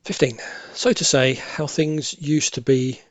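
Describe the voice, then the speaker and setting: A man thinking aloud as he works through cryptic crossword clues, musing and correcting himself, with quiet half-muttered asides. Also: on the high side, fairly even intonation, unhurried, no room sound. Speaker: crossword solving tutor.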